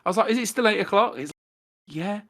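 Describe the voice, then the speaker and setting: An English man chatting as a podcast guest, rambling excitedly through stories, swearing and laughing, on a cheap microphone over a video call. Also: high voice, fast, a little hiss or hum. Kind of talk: casual chat. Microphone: cheap desktop mic on a video call.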